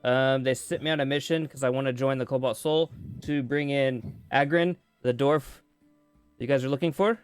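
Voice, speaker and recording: Smooth-voiced man playing a game. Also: medium pitch, normal speed, dry recording, faint music behind. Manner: relaxed, hesitant. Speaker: player. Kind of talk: tabletop game chat.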